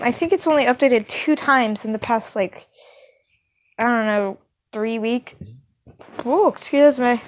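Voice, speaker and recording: A woman's voice: on the high side, no echo. A young woman reading a fanfiction story aloud, breaking off into rambling, giggly asides full of fillers. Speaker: fanfiction reader.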